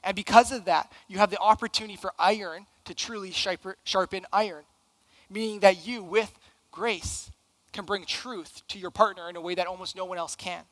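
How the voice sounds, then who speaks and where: A man's voice: sits high, steady tone, moderate pace, a bit bright, dry recording, low-quality recording. A man, a young adults pastor, preaching an earnest sermon full of rhetorical questions and emphatic points.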